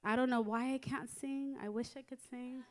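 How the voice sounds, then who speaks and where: High-voiced woman preaching a sermon. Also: normal speed. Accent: American. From United States. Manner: lively storytelling, rising to emphatic exhortation. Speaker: women's conference speaker. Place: church sanctuary.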